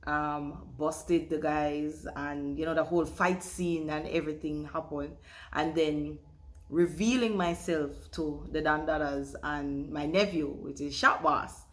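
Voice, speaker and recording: A woman casually recalling her favorite acting moments, with lots of hesitant fillers and repeated words. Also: sits low. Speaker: cast member interviewee. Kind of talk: casual recollection to camera.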